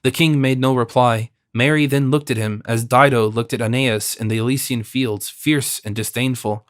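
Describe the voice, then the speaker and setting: A man's voice: mid-range voice, no room sound. Man narrating a classic novel, dry studio sound. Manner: measured, expressive reading. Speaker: audiobook narrator.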